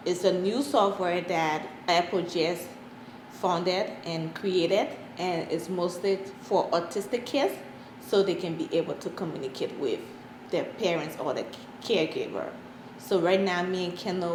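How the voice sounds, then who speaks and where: A woman in her thirties answering interview questions, hesitant, with many pauses and restarts. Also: lowish voice. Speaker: interviewee, mother of an autistic son. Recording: echoey room, faint background noise.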